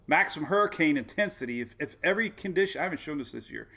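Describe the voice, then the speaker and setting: A man's voice: fairly high pitch, animated, racing, creaky, bright, forceful tone. A man hosting a casual weather livestream, chatty and folksy, often repeating himself and saying "man". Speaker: weather show host.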